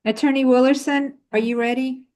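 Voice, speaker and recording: Female court clerk on a video-call hearing; higher voice, brisk, polite, calls out cases. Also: fairly even intonation, a little mellow. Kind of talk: courtroom procedure.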